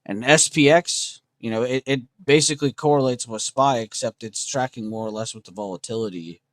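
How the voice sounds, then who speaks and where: This young man's medium-pitched voice moves a little fast, recorded without echo. He hosts a trading livestream, chatting relaxed and slangily with viewers as "bro" and "dude."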